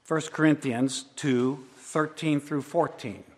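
A man preaching a sermon as pastor, swinging between loud emphatic declarations and quiet, intimate asides. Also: on the high side, steady tone, slow pace. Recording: long hall reverb.

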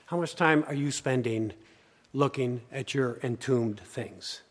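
A male pastor preaching a sermon, swinging between loud urgency and hushed, quiet passages. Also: mid-range voice, unhurried, slightly rough. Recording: long hall reverb.

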